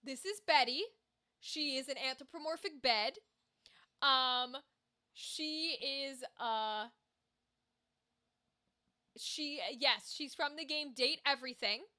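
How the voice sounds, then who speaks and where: A woman's voice: high-pitched, slow pace, long pauses, pushed and bright. An American woman streamer chatting casually and animatedly on a livestream, reading out viewer comments and swearing freely.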